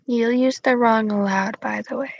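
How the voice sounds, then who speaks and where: A woman's voice: a little high, vocal fry, dry recording, lo-fi sound. A young woman hosting her channel, chatting casually with viewers in a rambling, giggly way full of fillers.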